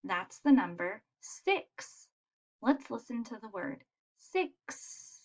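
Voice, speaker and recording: Patient woman teaching phonics slowly. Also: on the high side, big pitch swings. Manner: slow, patient and encouraging, models sounds clearly. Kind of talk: phonics lesson for young children.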